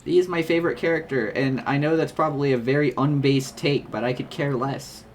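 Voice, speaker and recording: A man's voice: medium pitch, fairly even intonation, brisk, a little hiss or hum. Rambling, self-mocking young man gaming. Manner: rambling, swears freely, self-mocking jokes. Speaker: let's play co-host. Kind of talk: casual gaming commentary.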